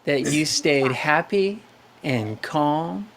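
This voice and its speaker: A man's voice: on the high side, expressive, drawn-out words, a little hiss or hum. A man hosting a live call-in show, coaching young callers in a playful, upbeat way, asking questions and running little games.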